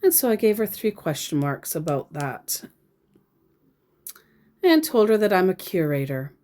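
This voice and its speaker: A woman's voice: on the low side, very animated, unhurried, mellow. A woman from Queensland giving dry, exasperated commentary as she reads out a chat with a scammer. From Queensland, Australia. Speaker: scambaiter. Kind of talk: reading out and commenting on a scam chat.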